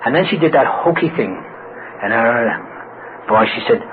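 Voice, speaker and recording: A man's voice: medium pitch, measured pace. Middle-aged man telling his recovery story, tinny recording. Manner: animated, acts out quoted voices. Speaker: recovery meeting speaker. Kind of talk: humorous personal storytelling talk. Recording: tinny phone-like old recording with hiss.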